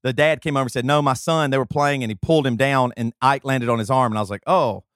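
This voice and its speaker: A man's voice: mid-range voice, fairly even intonation, fast talker, fairly bright tone, no room sound, clean studio sound. A man in his thirties co-hosting a podcast, talking casually with many fillers and restarts. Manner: rambling, talkative storyteller with many fillers. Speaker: podcast co-host. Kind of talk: casual chat and host-read ad.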